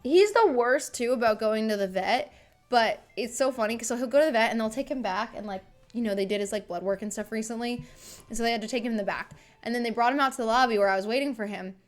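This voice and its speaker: A woman in her thirties talks casually to her livestream viewers from home, chatty and bubbly. Her voice sits a little high. Faint music plays quietly behind her. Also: quick pace. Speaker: streamer.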